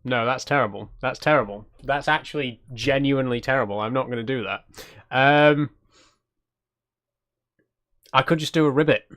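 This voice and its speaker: Chatting casually on his cozy game livestream, a man laughs as he reads out suggestions from chat and drifts into self-deprecating remarks. His mid-range, slightly bright voice moves at a normal speed, broken by long pauses.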